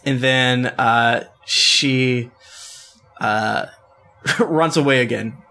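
A man's voice: medium pitch, extremely slow, vocal fry, pushed and bright. A man running a tabletop game as game master, playful and rambling, with many restarts and fillers. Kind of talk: narrating a tabletop game session.

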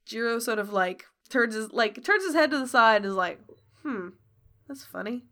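A woman's voice: a little high, expressive, brisk, bright, forceful tone. Woman running a tabletop game. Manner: casual, chatty, many fillers. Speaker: game master. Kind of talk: narrating a tabletop role-playing game.

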